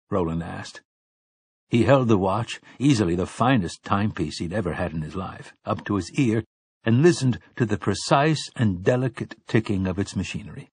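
A man narrating a novel in a steady, measured way. His voice sits low and a little husky. The sound is close and dry. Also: no room sound. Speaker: audiobook narrator. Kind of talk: scripted narration.

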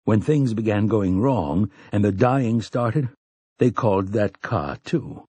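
A man reading a novel aloud in a measured, even narration. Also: on the low side, breathy edge, no echo. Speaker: audiobook narrator. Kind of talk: scripted narration.

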